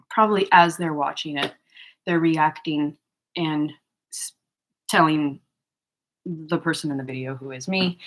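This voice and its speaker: A woman hosting her own channel, talking frankly and profanely in a casual vlog monologue, with fillers and mocking asides. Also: low voice. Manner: frank, profane, animated storytelling with mocking quoted voices; frequent fillers and laughs. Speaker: channel host.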